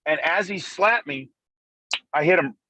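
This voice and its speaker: High-voiced man telling a rowdy story. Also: background noise. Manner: profane, fast, animated storytelling. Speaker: guest arm wrestler. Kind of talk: casual storytelling on a call. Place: in a moving car. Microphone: phone call.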